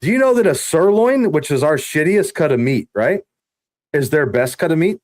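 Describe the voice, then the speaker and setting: A man's voice: fairly high pitch, very animated, normal speed. A man chatting on a gaming podcast, telling profane stories animatedly and laughing often. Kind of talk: casual gaming podcast chat.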